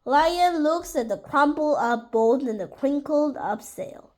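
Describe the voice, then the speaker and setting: High-voiced woman reading a storybook slowly. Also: animated. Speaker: storybook reader. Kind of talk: children's picture-book read-aloud.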